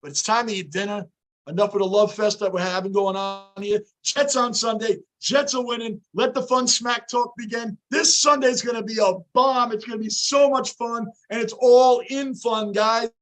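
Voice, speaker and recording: A man hosting a sports fan livestream, hoarse, talking energetically and directly to his chat. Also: extremely high pitch, normal speed, low-quality recording. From New York. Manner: energetic, hyped, talks straight to chat. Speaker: livestream host. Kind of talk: casual livestream chat with viewers.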